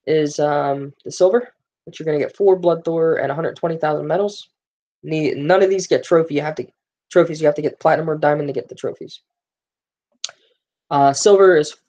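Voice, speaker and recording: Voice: medium pitch, darkish tone, muffled recording. A stream host casually going over game release notes, rambling with lots of fillers, reading numbers aloud and answering viewers in chat.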